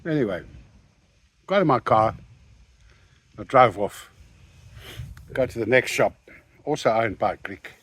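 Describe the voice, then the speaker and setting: A man's voice: mid-range voice, measured pace, pauses often, breathy edge, no room sound. Older man telling stories animatedly. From South Africa. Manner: animated, acts out the quoted lines. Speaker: interview guest. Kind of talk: anecdotal storytelling.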